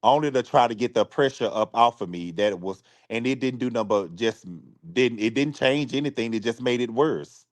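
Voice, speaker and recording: Emotional man halting through a live-stream apology. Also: medium pitch, dry recording. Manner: halting, repeats himself, restarts often. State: emotional, close to tears.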